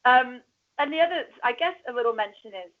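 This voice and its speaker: A woman's voice: sits high, animated, brisk. Chatty woman podcast co-host. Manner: chatty, laughs often, sweary asides. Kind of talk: casual chat about reality TV. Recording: dull lo-fi sound.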